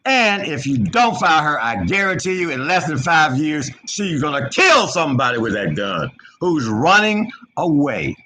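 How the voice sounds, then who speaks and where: A man giving an unscripted spiritual commentary, impassioned and repetitive, his pitch swinging between low and high. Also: sing-song, normal speed, few pauses, bright, forceful tone, slight background noise, low-quality recording. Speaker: online preacher.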